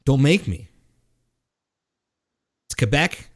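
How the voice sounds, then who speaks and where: A man with a mid-range, sing-song voice co-hosts a casual drinking podcast. He rambles and swears, halting often with fillers and restarting his sentences.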